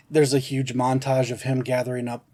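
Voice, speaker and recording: A man's voice: mid-range voice, level tone, measured pace, darkish tone. A man co-hosting a podcast in casual chat, laughing a lot, swearing freely and acting out quotes in put-on voices. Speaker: podcast co-host.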